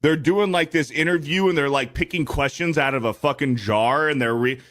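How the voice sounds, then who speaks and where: A man on a panel podcast, ranting with a lot of swearing and shouting when he gets angry. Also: fairly high pitch, moderate pace. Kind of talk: casual panel chat. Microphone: own microphone.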